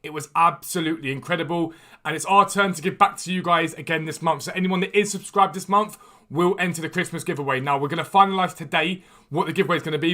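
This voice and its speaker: A man hosting a gaming livestream, chatting quickly and enthusiastically as he trades and answers questions from chat. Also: on the high side, bright, forceful tone. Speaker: gaming streamer and video host. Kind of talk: casual livestream chat while trading in a football game. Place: room at home with a door.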